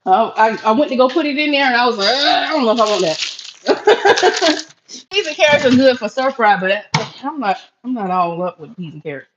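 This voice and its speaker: Middle-aged woman from Florida, higher voice, chatty live-stream host cooking at home; dull, slightly noisy audio. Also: expressive, fast. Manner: chatty, addresses viewers as y'all. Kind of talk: casual live-stream chat while cooking. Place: home kitchen.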